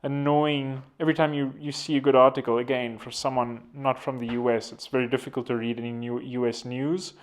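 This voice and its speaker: A young man with a South African accent talking casually at a middle pitch. He rambles from point to point and keeps making self-deprecating jokes. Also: flat delivery, a little fast, hardly any pauses. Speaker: vlogger. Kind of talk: casual political commentary.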